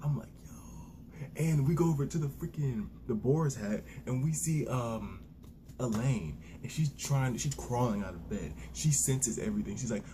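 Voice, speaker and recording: A young man giving a casual, excitable and profane manga review, retelling scenes with lots of restarts. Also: medium pitch, moderate pace, a little hiss or hum. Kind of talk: casual solo review rant.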